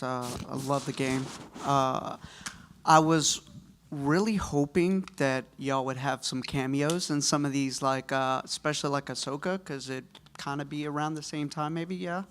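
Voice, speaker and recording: A man in the audience asking a convention panel questions, polite and halting with many uhs. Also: mid-range voice, fairly even intonation, fairly bright tone, a little hiss or hum.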